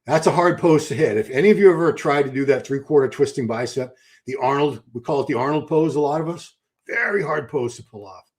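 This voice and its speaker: A man with a higher-leaning, darkish voice hosts a live stream at a brisk clip. Chatty and enthusiastic, he reads viewer questions aloud and keeps restarting.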